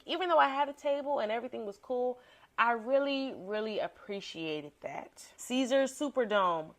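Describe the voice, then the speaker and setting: Animated young woman podcaster telling a story. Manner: animated, slangy, acts out quotes with big pitch jumps. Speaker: podcast host. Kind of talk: casual storytelling monologue.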